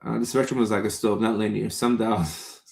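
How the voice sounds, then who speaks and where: A man hosting a live stream, chatting casually with viewers and reading their comments aloud, relaxed and laughing often. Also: fairly low pitch, fairly quick, gravelly, echoey room.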